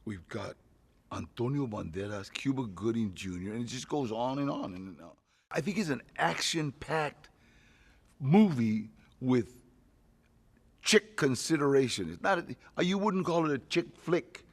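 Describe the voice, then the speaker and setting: Gravelly-voiced man in a casual interview. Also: mid-range voice, expressive, measured pace. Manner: rambling, storytelling, with frequent "you know" and chuckles. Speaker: actor promoting a film.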